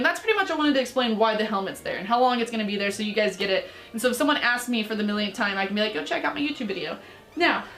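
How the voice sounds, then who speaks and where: Chatty young mom, slightly high voice. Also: female voice, a bit bright. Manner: chatty, rambling, lots of fillers. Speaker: mom vlogger. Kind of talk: casual vlog chat. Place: bedroom, lying in bed.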